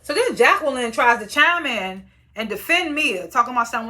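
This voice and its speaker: Talking fast in a high voice, a young woman gives a casual recap of a reality show. She's animated, blunt and profane, acting out the cast's lines.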